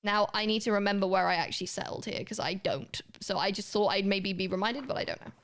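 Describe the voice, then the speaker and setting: A woman's voice: medium pitch, fast talker, a bit bright. A young woman, chatting casually and swearing now and then while livestreaming a video game to her chat. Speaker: live streamer.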